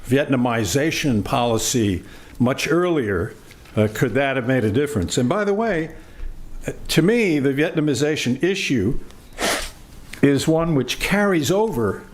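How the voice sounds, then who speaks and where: An older man from the United States, a former diplomat, giving reflective panel remarks in a measured, halting way with frequent filler sounds. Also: mid-range voice, lively intonation.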